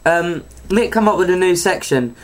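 A man's voice: lively intonation, normal speed. A young man, telling stories as a podcast co-host, talking while eating. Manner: storytelling, acts out quoted people in high voices. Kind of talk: casual chat.

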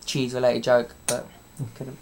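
A woman's voice: a bass voice, completely flat delivery, gravelly, a little mellow, slight background noise. A young woman, co-hosting a casual podcast, bossy and teasing in her banter. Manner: bossy, teasing, quick to laugh. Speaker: podcast co-host.

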